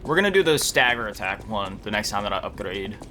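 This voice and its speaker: A man's voice: lowish voice, big pitch swings, fairly quick, pushed and bright, a little hiss or hum. A tired man chatting casually and laughing as he plays through a video game. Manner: chatty, self-deprecating, laughs often. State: tired, yawning. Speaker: gaming YouTuber. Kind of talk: casual let's-play commentary. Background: game music.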